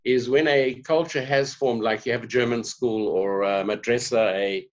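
A South African man speaking as a guest in a conversational interview, an animated storyteller. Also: mid-range voice, moderate pace. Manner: animated storyteller, laughs often. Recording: dull lo-fi sound.

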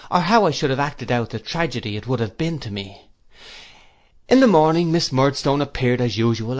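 Man reading a classic novel aloud. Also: medium pitch. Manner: measured, reflective storytelling. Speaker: audiobook reader. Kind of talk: audiobook narration.

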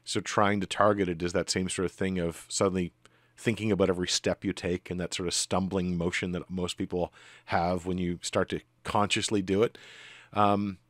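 Low-voiced man running a tabletop game. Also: little pitch movement, normal speed, dry recording. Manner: rambling, with many ums and restarts. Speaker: game master.

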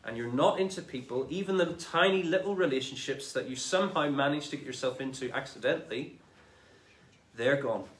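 Male preacher, casual lively sermon delivery, mid-range voice, roomy church sound. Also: medium pitch, brisk. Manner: conversational, animated retelling of scripture in everyday speech.

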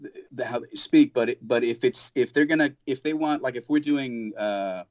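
A man talking as a guest voice actor in a casual interview, thoughtful and animated, with frequent restarts. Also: mid-range voice, normal speed.

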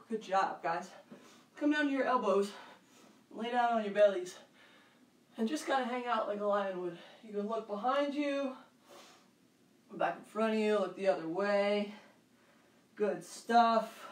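A woman with a fairly high voice leads children through an exercise session, encouraging them and calling out counts, with loud bursts now and then. She stands back from the microphone in a roomy space at home, so her voice echoes. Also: recorded from a distance. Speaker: fitness coach for kids. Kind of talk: leading a live kids' workout. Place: room at home. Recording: echoey room, voice off-mic.

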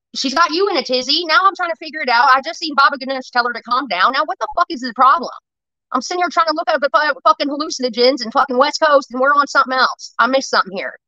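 A woman's voice: high-pitched, fast talker, bright, forceful tone, dull audio. A woman hosting a casual livestream, blunt and heavily profane as she reacts to chat comments. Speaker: livestream host.

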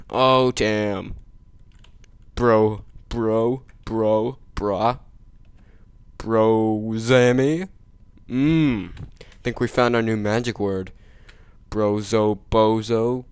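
A man doing gameplay commentary, joking, making sarcastic asides and yelling at the game. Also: lowish voice, fairly even intonation, slow pace, smooth, no room sound. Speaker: let's play gamer.

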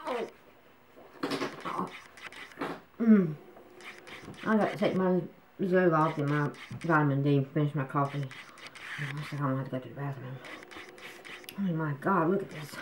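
A woman's voice: low voice, measured pace, pauses often, a little hiss or hum. Chatty woman vlogging at home. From North Carolina, USA. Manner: chatty, complaining, scolds her pet. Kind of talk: casual home vlog talk to camera.

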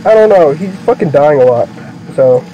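A young man doing let's play commentary, excitable, swearing constantly and yelling at the game. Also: a little high, moderate pace, slight background noise. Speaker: gaming video creator. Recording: muffled lo-fi mic with game music. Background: game music.

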